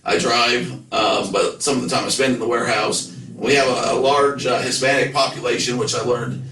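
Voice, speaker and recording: A man's voice: mid-range voice, steady tone, moderate pace, sharp tone, reverberant, distant mic, poor audio. A man hosting a casual podcast, rambling and joking about himself in a loose, self-deprecating way. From United States. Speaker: podcast host. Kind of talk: casual chat.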